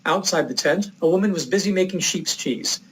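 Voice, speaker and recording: A man from the United States giving a recorded lecture, telling a personal story in a reflective, measured way. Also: high-pitched, slight background noise, poor audio.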